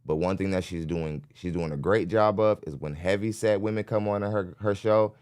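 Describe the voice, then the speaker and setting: A man's voice: low voice, normal speed, a little mellow, smooth. A man hosting a live podcast, reacting bluntly to a clip and talking straight to his chat, often laughing between points. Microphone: studio mic.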